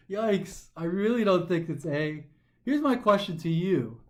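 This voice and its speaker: A male test prep instructor explaining test questions, reading passages aloud and then thinking them through in an animated way. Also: sits high, unhurried.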